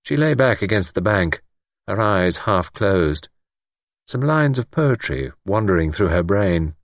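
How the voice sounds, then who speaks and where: A man narrating an audiobook story in a measured, expressive way. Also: low-pitched, no echo, clean studio sound.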